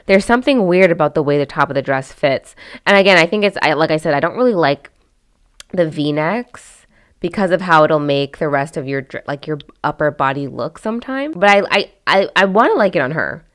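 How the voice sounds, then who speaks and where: Low-voiced chatty woman vlogger. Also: animated, fairly quick. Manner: chatty, filler-heavy, candid and opinionated. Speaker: host. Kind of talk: casual commentary vlog.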